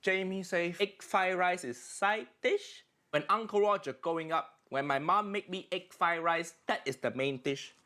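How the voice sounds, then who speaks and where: A man's voice: sits high, normal speed, pushed and bright. A man playing a bossy middle-aged uncle character with a strong Malaysian accent, scolding in broken English. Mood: indignant.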